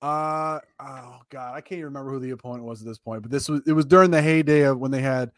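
A man co-hosting a casual sports podcast, telling lively anecdotes and laughing often. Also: medium pitch, fast talker, no echo, clean studio sound.

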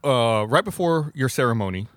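A man's voice: mid-range voice, animated, normal speed, dry recording. A man co-hosting a casual podcast in a coffee shop, telling a funny anecdote in a joking, laughing way. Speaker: podcast co-host. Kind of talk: casual chat.

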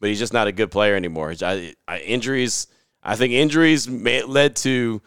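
A man co-hosting a casual sports chat in an animated, slangy, joking way. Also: fairly low pitch, moderate pace, smooth, no room sound, studio quality. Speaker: podcast co-host.

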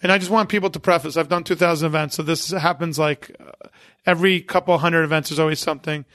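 High, bright-voiced man telling stories. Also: fast, no room sound, studio quality. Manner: animated anecdote-teller who acts out quotes. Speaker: podcast guest, event promoter. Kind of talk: casual interview storytelling.

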